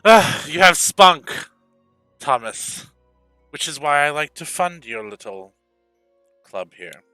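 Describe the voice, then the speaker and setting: A man's voice: a little high, big pitch swings, slow, sharp tone, clear, resonant tone, dry recording, faint music behind, voice pushed up, exaggerated voice, poor audio. A man voicing a smug, menacing male dwarf priest who schemes in a fantasy tabletop game.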